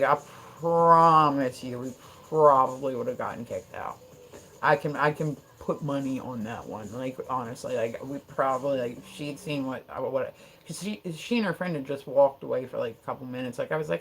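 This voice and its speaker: Heated, fast-talking woman streamer. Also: low-pitched. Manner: heated, profane, peppered with "like" and "right?". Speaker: live streamer. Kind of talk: casual storytelling on a live stream.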